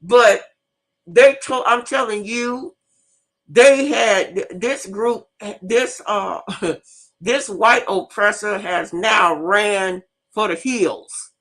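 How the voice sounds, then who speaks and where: A woman host and teacher telling an animated, profane story in casual live talk, repeating herself as she goes. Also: medium pitch, drawn-out words.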